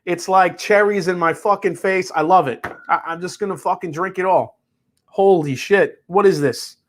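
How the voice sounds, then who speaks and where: A man's voice: high voice, little pitch movement, fairly quick, a bit bright, voice pushed up. Man doing a cursing Jersey mobster. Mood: gushing. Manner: profane, gushing. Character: foul-mouthed male New Jersey mobster raving about whiskey.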